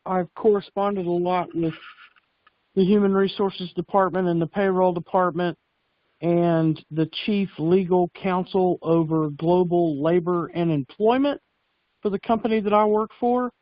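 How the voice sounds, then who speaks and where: Caller, a man with a high voice, halting start, dry muffled phone-line sound. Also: fairly even intonation, dry recording. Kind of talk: asking a question on a call. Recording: dull dry conference call line.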